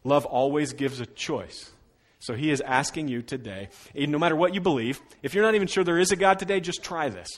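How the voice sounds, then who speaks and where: A middle-aged man preaching an Easter sermon as pastor, swinging between loud, emphatic stretches and hushed, slowed phrases. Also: a little high.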